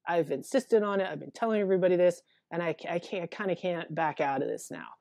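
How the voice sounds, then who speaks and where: A woman therapist in a casual interview, talking haltingly and repeating words as she thinks aloud. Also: lowish voice, darkish tone, dry recording, studio quality. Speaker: therapist guest.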